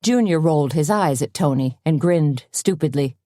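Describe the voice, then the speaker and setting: Low-voiced woman narrating a story. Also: normal speed, no echo, studio quality. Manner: steady storytelling. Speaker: audiobook narrator. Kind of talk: scripted narration.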